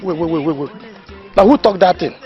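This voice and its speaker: An actor with a Nigerian accent playing a boisterous village know-it-all who gives mock lessons and laughs mid-sentence. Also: male voice, a little high, a little fast, lo-fi sound, close to an everyday voice. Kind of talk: Nollywood comedy film acting. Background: faint background music.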